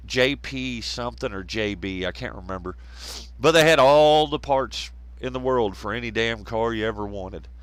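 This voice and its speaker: A man's voice: mid-range voice, expressive, moderate pace, smooth, no echo, rough recording. A man with a Southern American accent, hosting a live stream, chatting casually with lots of swearing, laughter and mocking impressions. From Southern United States. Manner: profane, laughing, mocking, mimics others. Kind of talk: casual rambling chat.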